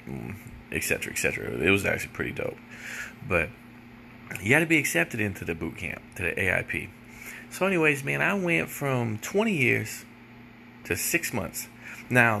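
A man's voice: lowish voice, creaky, pushed and bright, slight background noise. A man telling a casual story in a blunt, profane way, often checking in with "right?". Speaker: storyteller giving jail advice.

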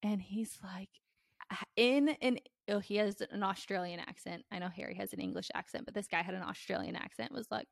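A woman's voice: mid-range voice, fairly even intonation, moderate pace, vocal fry, dry recording, clean studio sound. A young woman hosting a podcast, talking in a candid, blunt way with lots of fillers. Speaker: podcast host. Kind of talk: casual chat.

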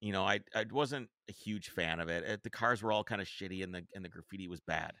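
A man in his thirties co-hosting a podcast, telling a story in a casual, animated way. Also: sits low, fast talker, no echo, studio quality. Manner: animated storyteller, mimics voices in quotes. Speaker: podcast co-host.

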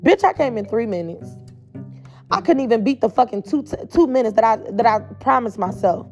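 A woman's voice: a little high, animated, brisk, darkish tone, soft background music. A woman telling a blunt, profane storytime straight to her viewers in a casual, chatty way.

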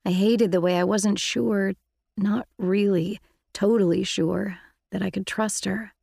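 A woman's voice: mid-range voice, steady tone, measured pace, vocal fry, dark tone, slightly rough, dry recording, clean studio sound. A woman reading an audiobook in the first person, with intimate, reflective storytelling. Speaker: audiobook narrator.

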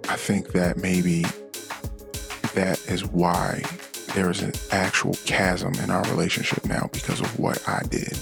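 A middle-aged man hosting a podcast, telling a painful personal story in a halting, emotional way, with many restarts and fillers. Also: low voice, monotone, creaky, music in the background. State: emotionally shaken. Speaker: podcast host. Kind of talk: personal confessional monologue.

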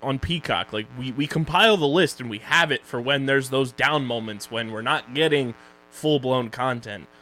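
A man's voice: mid-range voice, normal speed, sharp tone. Man hosting a casual podcast, faint hum. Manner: loose and joking, reads plugs and sponsor reads. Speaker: podcast co-host.

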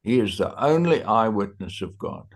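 A man teaching a Bible study in conversation, slow and searching for his words with many fillers. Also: fairly low pitch, lively intonation.

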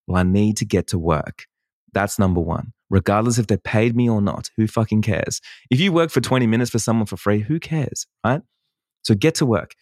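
Lively man coaching with role-play. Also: lowish voice, fairly quick, no echo, clean studio sound. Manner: animated, acts out client dialogue, laughs often. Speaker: wedding photographer and business coach. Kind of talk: casual workshop chat.

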